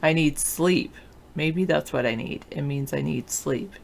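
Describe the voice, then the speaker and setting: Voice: mid-range voice, a little slow, creaky, slight background noise. A teacher hosting a political talk show, chatting in a loose, offhand and sleepy way while answering viewer comments. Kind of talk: casual chat, reading and answering viewer comments.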